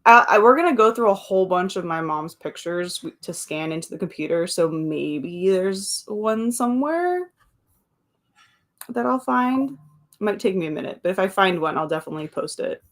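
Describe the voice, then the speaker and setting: At normal speed, an animated woman with a mid-range voice runs a casual livestream. Between reading viewer comments aloud she chats, laughs often and wanders into asides.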